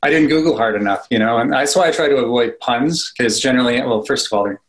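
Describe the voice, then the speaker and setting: A man's voice: mid-range voice, quick pace, poor audio. A man being interviewed as a cartoonist, talking casually and rambling with many fillers and restarts, self-deprecating. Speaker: cartoonist guest.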